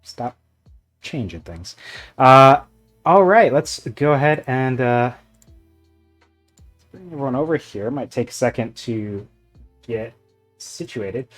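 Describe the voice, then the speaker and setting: A man's voice: medium pitch, lively intonation, takes it slowly, pauses often, fairly bright tone. A man running a tabletop game as game master, talking in an easygoing, rambling way with plenty of fillers. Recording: faint background music.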